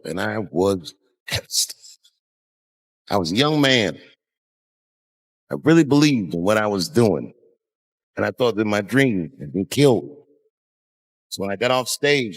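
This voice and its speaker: Male comedian, profane animated storyteller, very lively pitch, stand-up set.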